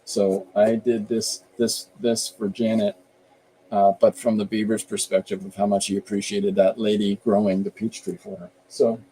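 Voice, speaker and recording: A man's voice: fairly low pitch, level tone, normal speed, warm tone, slight background noise, low-quality recording. A man in his fifties, an artist hosting his show, chatting casually and rambling about his work as he draws. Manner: rambling and easygoing, explaining his work as he goes. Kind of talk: casual chat while drawing live.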